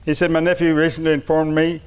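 A man preaching a sermon reads funny anecdotes aloud and laughs along before turning earnest, moving between light storytelling and serious preaching. His voice is on the high side, smooth and fast, with a completely flat delivery.

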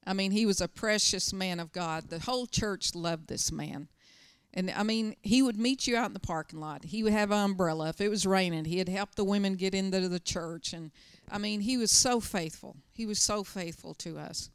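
A woman's voice: medium pitch, moderate pace, clean tone, no echo, studio quality. A middle-aged woman pastor preaching a sermon, telling stories with emphatic, urgent bursts. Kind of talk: sermon with personal storytelling.

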